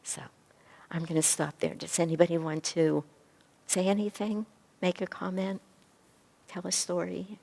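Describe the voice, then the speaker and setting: A woman teaching a spiritual yoga class, talking earnestly and often softly to a group. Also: lowish voice, level tone, a little slow, vocal fry, pauses often. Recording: echoey hall recording.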